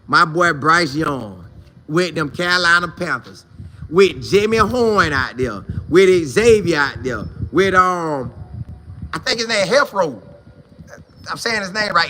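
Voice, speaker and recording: A man hosting a sports talk show, chatting casually and answering viewer comments in a slangy, repetitive, animated way. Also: a little high, measured pace, slight background noise.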